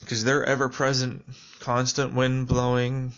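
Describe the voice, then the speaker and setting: A man talking through a reflective personal video journal in a rambling, halting way with many fillers. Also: mid-range voice, monotone, a bit bright, dull audio.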